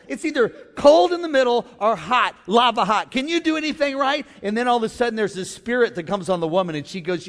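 A man preaching a sermon, joking with his congregation and shouting at the high points. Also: fairly quick, hardly any pauses, big-room sound. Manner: energetic, joking, shouts at the climaxes. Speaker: pastor. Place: church sanctuary.

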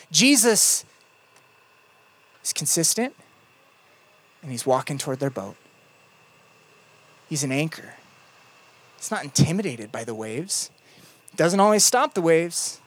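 A youth pastor preaching a sermon in a conversational storytelling way, with playful asides, lively retellings and quiet, emphatic moments. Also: mid-range voice, no room sound.

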